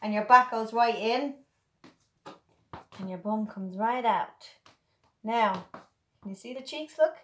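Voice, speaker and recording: A woman's voice: on the high side, slow pace, long pauses, fairly bright tone, slight background noise. A woman chatting casually to camera as she demonstrates and sells her own product, playful and upbeat. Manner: chatty, playful and upbeat, addressing viewers as girls. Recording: echoey room.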